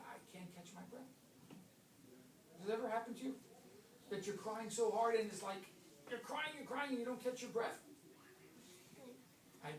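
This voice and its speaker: Woman, teacher, playful questioning, classroom lesson, roomy echo, distant mic. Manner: playful, asks many questions, animated swings in pitch. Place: classroom with students. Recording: echoey room, mic far off.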